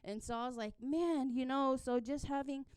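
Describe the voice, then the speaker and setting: A woman's voice: sits high, fairly even intonation, brisk, clear, resonant tone, no echo. A young woman sharing a personal testimony at a church service, telling a family story with many fillers. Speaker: church member giving a testimony.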